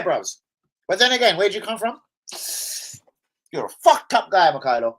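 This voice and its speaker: An angry man rants on a live stream as a football fan. He swears constantly and swings between loud outbursts and low, disgusted mutters. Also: sing-song, moderate pace.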